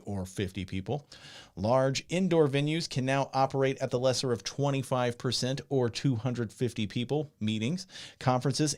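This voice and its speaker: A man co-hosting a podcast, reading a list of news items in a steady, methodical way. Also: mid-range voice. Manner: steady, reads lists methodically. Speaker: podcast co-host.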